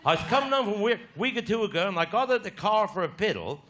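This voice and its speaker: A man's voice: sits high, very animated, quick pace, a bit bright. A man with a Cornish accent telling bawdy stand-up stories in a broad, yarn-spinning way. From Cornwall. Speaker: stand-up comedian. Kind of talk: stand-up storytelling.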